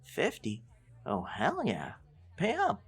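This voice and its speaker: A performer playing a seeker who catches two hiders, loud and mocking. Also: mid-range voice, huge pitch swings, slow, heavy background noise, full character voice. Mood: gloating.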